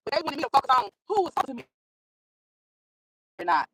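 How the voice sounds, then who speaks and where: High-voiced woman telling her story emphatically. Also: very animated, fast, fairly bright tone, poor audio. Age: adult with a school-age son. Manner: emphatic, repeats phrases for stress. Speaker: vlogger. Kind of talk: casual storytelling monologue.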